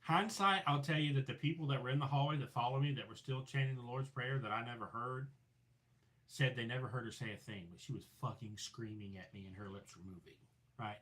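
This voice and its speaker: A man's voice: medium pitch, fairly quick. A man telling a ghost story in casual chat, swearing freely and acting out the voices in it. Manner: animated storyteller, acts out voices, swears a lot. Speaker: podcast guest, paranormal investigator. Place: vehicle, talking into phone setup.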